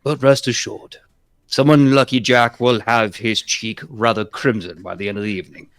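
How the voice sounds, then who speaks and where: A man voicing a stern, formal male butler who speaks with stiff, overly polite manners in a soft, lowered voice. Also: steady tone, moderate pace, lightly acted.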